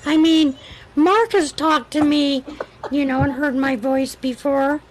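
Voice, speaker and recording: A woman's voice: high voice, steady tone, measured pace, low-quality recording. A woman hosting a livestream in casual chat, with a weak voice that is hard to project, telling a story in a chatty, rambling way. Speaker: livestream host.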